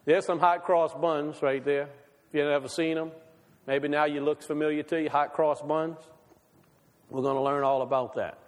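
A man's voice: on the high side, fairly even intonation, fairly quick, long reverb tail. A male pastor giving a conversational sermon, asking the congregation many questions.

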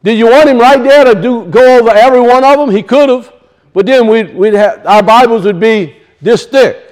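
A man's voice: extremely high pitch, moderate pace, darkish tone. A male pastor preaching a sermon, emphatic, with rhetorical questions and casual asides.

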